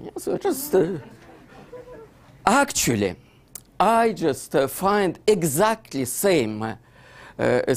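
Older male author, thick Russian accent, rambling lecture with "you see" fillers, slightly high voice. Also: a little mellow. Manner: broken English with many fillers and "you see, so". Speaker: author giving a book talk. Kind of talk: lecture presentation.

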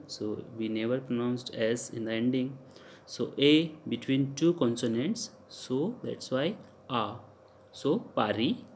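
A man with an Indian English accent giving a recorded lecture, spelling out letters and repeating example words slowly for students. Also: medium pitch, a little mellow, a little hiss or hum. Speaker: teacher. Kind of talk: recorded lecture on French pronunciation.

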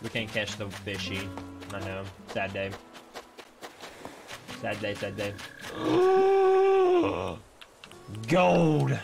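A young man streaming a video game, reacting casually with frequent swearing and sudden excited outbursts. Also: lowish voice, slow, long pauses. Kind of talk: casual gameplay commentary. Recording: game music behind.

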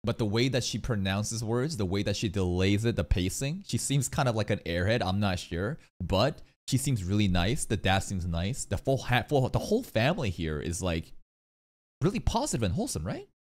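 A man's voice: fairly low pitch, very animated, moderate pace. A man giving casual, profane, joking commentary as he reacts to an anime episode.

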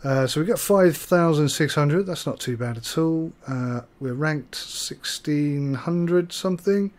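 A gaming channel host with a slightly mellow, higher-than-average voice plays a bus driving game at a measured pace. He chats, jokes, and pokes fun at himself throughout the let's play.

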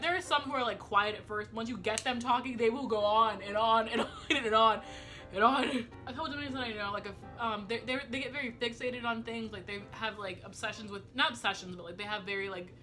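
Young woman vlogger, quick rambling casual delivery, slight speech impediment, bright voice. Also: a little high. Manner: very fast, rambling, lots of swearing and fillers. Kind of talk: casual chat to camera. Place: home room.

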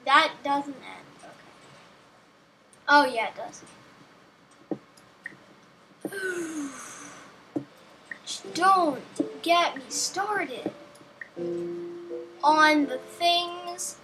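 High-voiced young woman rambling over gameplay. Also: drawn-out words, long pauses, pushed and bright, faint music behind, poor audio. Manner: rambling, sarcastic, talks to herself and the game. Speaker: gameplay commentator. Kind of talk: casual gameplay commentary.

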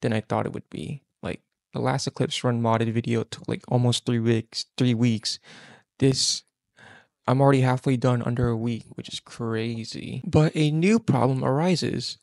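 Foul-mouthed excitable woman gamer. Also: a bass voice, normal speed, creaky. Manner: swears constantly, excitable and frustrated; panicky and self-mocking. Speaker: gaming YouTuber. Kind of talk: gameplay commentary.

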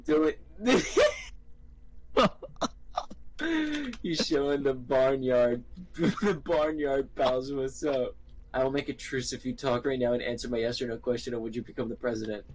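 A man's voice: mid-range voice, measured pace, slight background noise, low-quality recording. A young man joking and teasing his friends during a casual gaming session, laughing often.

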